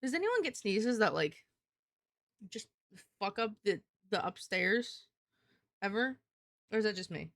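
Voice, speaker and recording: A young woman streams live, talking off the cuff in a mid-range voice with a gravelly, creaky edge. She rambles and swears, filling her talk with "like", close on a desk mic in a dry, dead room. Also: mid-range voice, sing-song, unhurried, pauses often, a bit bright, no room sound. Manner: rambling, profane, heavy use of "like". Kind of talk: casual live-stream chat.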